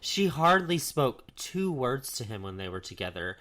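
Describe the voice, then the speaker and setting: A man's voice: mid-range voice, big pitch swings, normal speed, bright, forceful tone. A man co-hosting a podcast, telling history as casual storytelling. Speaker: podcast co-host. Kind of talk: casual chat.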